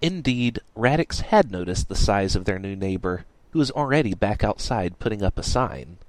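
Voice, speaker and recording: A man reading a story aloud in a wry, lively storytelling manner. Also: lowish voice, normal speed, no room sound. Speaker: narrator.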